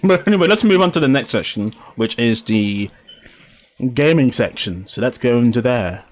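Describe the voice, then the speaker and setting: A man's voice: mid-range voice, expressive, normal speed, slight background noise. A man hosting a casual podcast, rambling with fillers and self-corrections. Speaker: podcast host. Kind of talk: casual chat.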